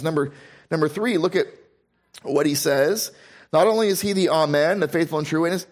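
Emphatic man preaching a sermon. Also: fairly high pitch. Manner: emphatic, slows down to stress key phrases; conversational asides and humor. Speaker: pastor.

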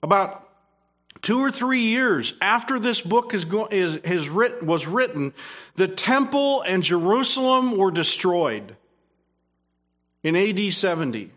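High-voiced man preaching a sermon. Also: big pitch swings, unhurried, a bit bright. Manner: earnest preaching with repeated phrases and restarts. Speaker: pastor.

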